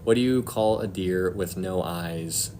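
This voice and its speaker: Male host with a lowish voice for a casual faith live stream. He chats, laughs a lot, reads out comments, and turns earnest. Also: measured pace, noisy background. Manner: chatty, laughs often, reads viewer comments aloud; earnest, heartfelt about faith. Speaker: Christian livestream host. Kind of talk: casual livestream chat.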